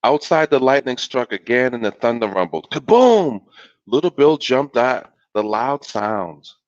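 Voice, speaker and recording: Animated man reading a storybook aloud. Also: medium pitch, moderate pace, no echo. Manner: animated and laughing. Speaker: guest reader. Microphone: video call. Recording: dull lo-fi video call audio.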